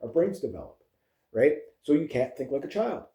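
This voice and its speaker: Young male vlogger, rambling storyteller, dark timbre, roomy sound. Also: on the high side, fairly quick. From Canada. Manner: rambling, animated storytelling with laughs. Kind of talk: casual monologue.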